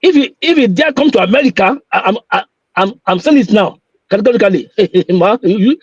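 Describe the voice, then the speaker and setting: A man's voice: sits high, animated, a little fast, breathy edge, no room sound, lo-fi sound. A man calling in to a live talk show, insistent and repetitive, often stumbling over his words. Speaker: caller. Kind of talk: call-in chat on a live show.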